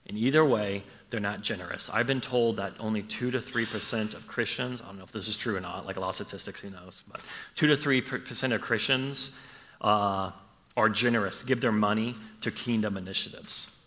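A man's voice: lowish voice, fairly quick, sharp tone, in a large hall. A man preaching a sermon as pastor, talking conversationally and repeating his questions for emphasis. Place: church.

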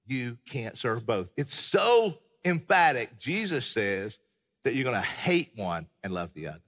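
A man's voice: medium pitch, very animated, a little slow, fairly bright tone, husky. A man preaching a sermon in a church, emphatic and conversational, with many restarts. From American South. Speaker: pastor. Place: church sanctuary. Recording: long reverb of a large hall.

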